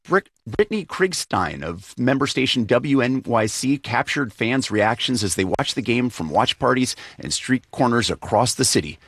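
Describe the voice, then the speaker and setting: A man's voice: mid-range voice, sing-song, moderate pace, hardly any pauses, fairly bright tone, slightly rough, dry recording. A man hosting a radio news program, introducing reports and interviewing a reporter in a studio. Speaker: news host. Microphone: studio microphone.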